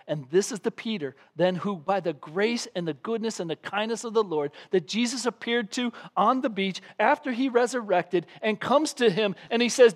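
A man's voice: high voice, moderate pace, hardly any pauses. A man preaching a sermon from the pulpit in a church, telling a Bible story with lots of drama and acting out the voices of the people in it. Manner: animated preaching, acting out scenes with raised voice. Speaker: pastor.

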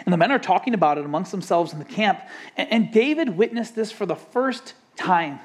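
Animated emphatic preacher. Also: mid-range voice, brisk, husky. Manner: emphatic, rhetorical questions to the congregation. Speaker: pastor. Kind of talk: sermon.

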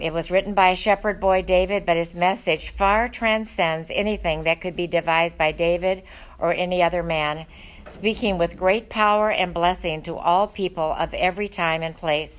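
A woman's voice: on the low side, low-quality recording. A woman teaching a Bible study, talking in an earnest, conversational way with frequent ums and uhs.

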